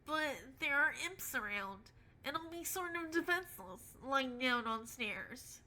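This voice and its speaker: A woman voicing a timid, meek young male troll, hesitant and soft-spoken, during a comic read-aloud. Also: sits high, animated, measured pace, full character voice.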